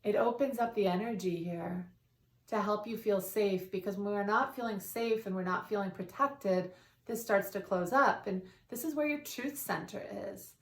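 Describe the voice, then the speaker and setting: A woman guiding a meditation in a calm, soothing way, leading breaths and repeating affirmations. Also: medium pitch, moderate pace. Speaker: meditation guide. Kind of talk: guided meditation. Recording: roomy, distant from the mic.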